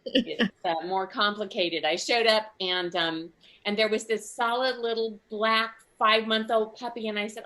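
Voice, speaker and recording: An older woman doing stand-up comedy over a video call, telling stories with animated acted-out voices and frequent laughter. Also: mid-range voice, moderate pace. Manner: animated storyteller, acts out voices, laughs often.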